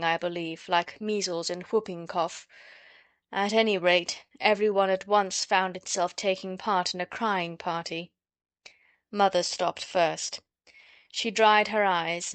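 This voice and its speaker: A woman reading a children's classic aloud as an audiobook narrator, clear and gently expressive. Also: medium pitch, no echo. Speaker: audiobook reader. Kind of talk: scripted storybook narration. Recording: dry close recording.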